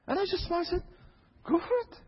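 A man from Syria preaching a sermon, swinging from low asides to loud high exclamations. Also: quick pace. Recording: long hall reverb, dull lo-fi sound.

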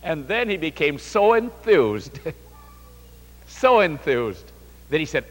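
A man's voice: a little high, takes it slowly, big-room sound. A man preaching a sermon, telling stories and speaking directly to the congregation. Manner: animated storytelling, addresses the congregation.

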